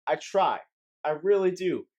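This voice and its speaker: A man's voice: sits high, animated, measured pace, darkish tone, highs cut off. A young man giving a rambling, sarcastic comedic rant to camera as a vlogger, swearing often.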